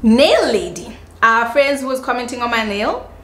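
A South African woman YouTuber telling a personal story in a dramatic, animated way, with sudden high-pitched asides. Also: normal speed, echoey room. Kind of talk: storytime vlog.

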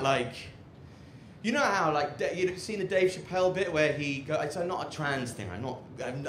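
A man with a posh English accent doing a live stand-up set, sardonic, swerving between mutters and outbursts, on a handheld mic. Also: mid-range voice. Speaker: stand-up comedian. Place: open-air rooftop club stage with live audience. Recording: roomy live venue with loud crowd noise. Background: audience laughter.

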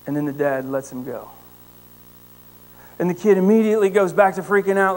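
Lively pastor man preaching. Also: sits high, a little fast, low-quality recording. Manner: animated storytelling, then quiet prayer. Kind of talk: sermon. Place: church sanctuary.

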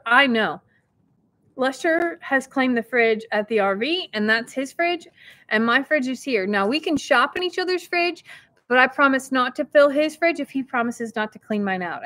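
A woman hosting a casual vlog, opening mail from viewers and talking warmly and emotionally, close to tears at times. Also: fairly high pitch, no room sound. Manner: chatty and emotional, near tears.

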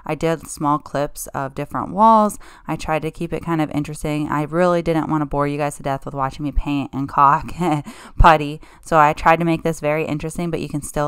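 A woman's voice: sits low, clean tone, no room sound, clean studio sound. A woman home-makeover vlogger narrating her project in a chatty, friendly voice-over, with casual fillers.

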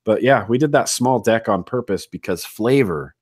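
A man's voice: on the low side, expressive, moderate pace, husky, no echo, studio quality. A man talking as a guest in a casual interview, enthusiastic and repeating phrases for emphasis. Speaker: guest, atomizer designer.

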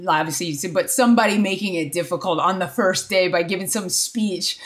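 A woman hosting a podcast, asking questions in a relaxed, chatty way. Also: lowish voice, a little fast. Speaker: podcast host. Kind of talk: conversational interview.

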